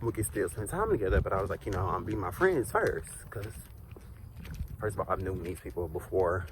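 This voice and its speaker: A man's voice: deep voice, sing-song, a little fast, background noise. A young man vlogger telling a casual storytime while walking outdoors, sassy and chatty with asides to his viewers.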